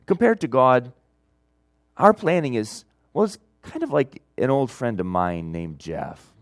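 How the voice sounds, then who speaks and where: A middle-aged man preaches with a lively, swinging pitch, telling stories and leaning into emphasis before dropping to quiet asides. His voice sounds close and dry, with no room echo around it. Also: normal speed. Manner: storytelling, animated, swings between loud emphasis and quiet asides. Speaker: pastor. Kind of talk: sermon.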